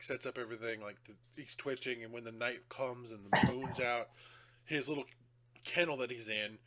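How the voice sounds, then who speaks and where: A man's voice: mid-range voice, background noise. A young man co-hosting a casual movie review, retelling the plot in a rambling way with lots of fillers. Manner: rambling retelling with many fillers and quoted lines. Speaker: co-host of a movie review show.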